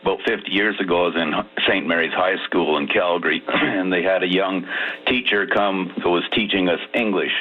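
A man's voice: low-pitched, moderate pace. A man, calling in to a radio show and telling a story. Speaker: caller. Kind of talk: phoned-in storytelling. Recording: muffled phone line.

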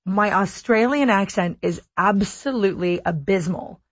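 A woman's voice: mid-range voice, measured pace, dry recording. A woman hosting a talk radio show, chatting casually in a wry, opinionated way. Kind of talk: casual on-air chat. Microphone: studio mic, dry. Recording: slightly dull lo-fi broadcast audio.

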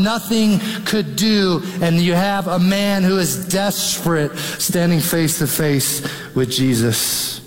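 A man preaching a sermon as pastor, dramatic, acting out the people in the story as he goes. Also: a little high. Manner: dramatic, acts out the father's pleading in quoted voice. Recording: long hall reverb.

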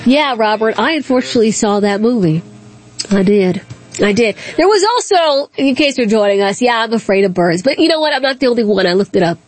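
A woman hosting a talk radio show, telling stories and giving opinions in an animated, casual way. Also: on the high side, a little fast, soft background music. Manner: animated storytelling, laughs often.

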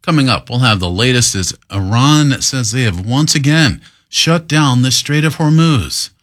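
A man anchoring radio news in a measured, steady way. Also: medium pitch.

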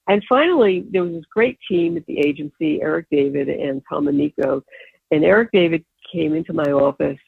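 An older woman, an advertising agency founder, telling animated stories in an interview and laughing often. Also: low voice, a little fast, creaky, slightly rough, no echo. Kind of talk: storytelling in an interview. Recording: tinny phone-like line.

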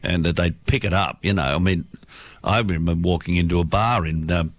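Deep-voiced Australian radio presenter. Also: male voice, brisk, no echo. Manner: rambling anecdotal storytelling with many fillers. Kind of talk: casual radio chat between songs.

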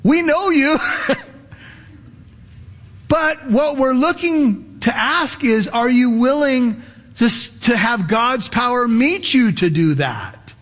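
A man's voice: very high voice, slow, pauses often. A male pastor preaching a sermon, telling stories with chuckles and asides to the congregation. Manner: lively storytelling with chuckles and audience asides. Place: church sanctuary. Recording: echoey church hall.

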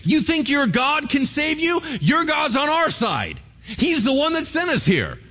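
A man voicing a blustering enemy commander who shouts threats and boasts at defenders on a wall. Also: fairly low pitch, big pitch swings, unhurried, vocal fry, slightly rough, in a large hall, voice pushed down, full character voice. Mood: taunting.

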